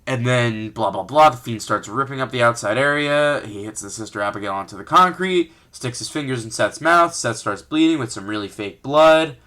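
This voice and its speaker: A man's voice: medium pitch, expressive, moderate pace, few pauses, pushed and bright. A man giving an unscripted, exasperated rant as a vlogger recapping a wrestling match, full of rhetorical questions.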